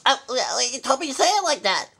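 Performing a heavily acted bear rabbi puppet who hosts a comedy show, the man sounds very animated, brisk, gravelly, sharp, and slightly rough. The old character is high-pitched, cranky, bumbling, forgetful, stubborn, and flustered easily, and he comes across as flustered now.

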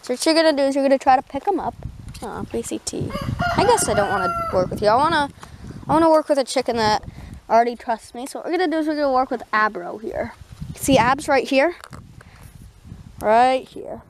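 A woman from Canada chatting casually in a backyard tutorial vlog, talking softly to her chickens. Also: high voice, expressive, quick pace, noisy background. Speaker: vlogger. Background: chickens clucking.

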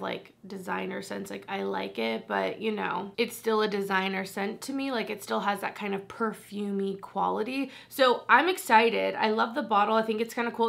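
A woman's voice: medium pitch, gravelly, a bit bright. A young woman chatting casually about perfumes as a vlogger, rambling and self-deprecating. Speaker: fragrance vlogger. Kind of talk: casual chat.

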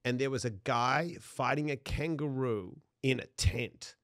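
Australian man, new york twang, animated storyteller, dry close sound. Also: medium pitch, unhurried, dry recording. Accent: Australian with New York influence. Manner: animated storyteller, swears casually. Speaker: podcast guest, author. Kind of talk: casual chat.

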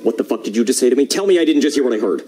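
An actor playing an irritable, sarcastic man with a lively way of talking. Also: mid-range voice, very fast, slightly rough. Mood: irritated. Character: grumpy sarcastic man, ex-high-school runner.

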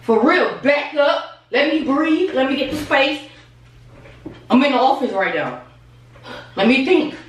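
Woman, high lively voice, loud, profane, prank argument, echoey room, mic far off. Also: a little slow, pauses often, a little hiss or hum. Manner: loud, profane, repeating herself. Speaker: prank channel co-host.

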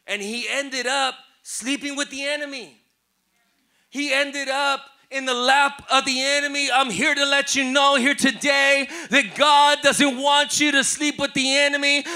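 Middle-aged Southern Californian male pastor, sharp high voice, preaching with rising shouted emphasis. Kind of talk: sermon. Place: church sanctuary.

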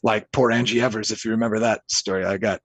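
A young man telling personal stories on a casual podcast, lively and quick, acting out the people he quotes. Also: fairly low pitch, husky, no room sound. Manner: animated storyteller, quick, acts out quotes. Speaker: podcast guest. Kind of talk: casual storytelling chat.

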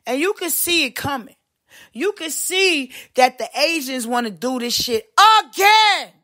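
A woman hosting a podcast, delivering a heated, profane ranting monologue with big swings in pitch. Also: animated, measured pace, pushed and bright. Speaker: podcast host.

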